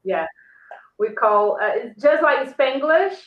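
A woman from Brazil with a Brazilian Portuguese accent, speaking English as a second language in a casual interview, hesitant with many fillers and quick to laugh. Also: high voice, animated, echoey room, lo-fi sound. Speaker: guest.

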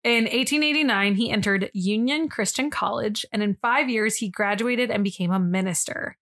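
A woman's voice: medium pitch, moderate pace, a bit bright. A young woman on a podcast, chatting casually as she tells a history story and often says "like". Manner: chatty, lots of "like" fillers. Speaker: podcast co-host.

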